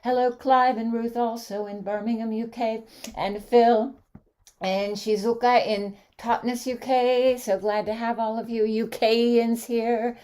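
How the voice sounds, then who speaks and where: With a fairly high, unhurried voice, a woman hosts an online sing-along show, cheerfully and animatedly greeting viewers by name as she lists them. Her talk is warm greetings and casual chat.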